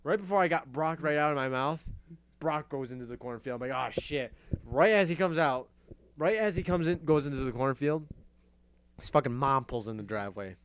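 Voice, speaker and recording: A young man hosting a casual talk show, telling a story in an animated way, laughing and swearing often. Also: a little high, fairly quick, smooth. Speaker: podcast host.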